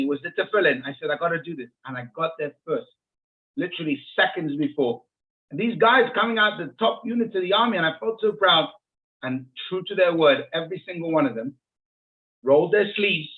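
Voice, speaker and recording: A middle-aged man, a rabbi, telling a lively story on a talk show and acting out the dialogue as he goes. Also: on the high side. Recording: phone-like narrow sound.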